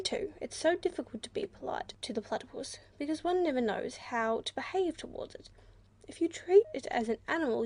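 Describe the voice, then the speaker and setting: A woman's voice: high voice, darkish tone, no echo. A woman voicing a kind, fretful mother kangaroo in a storybook reading, polite and a little anxious.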